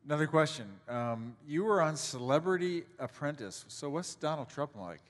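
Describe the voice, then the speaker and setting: A man's voice: fairly high pitch, animated, normal speed, noisy background. A male pastor interviewing a guest onstage, asking casual questions with brief affirmations. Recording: long reverb of a large hall.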